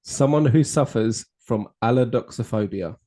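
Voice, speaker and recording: Male podcast host, jokey rambling banter, mellow timbre. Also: medium pitch, normal speed. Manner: jokey, rambling, laughs at own jokes. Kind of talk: casual banter over drinks.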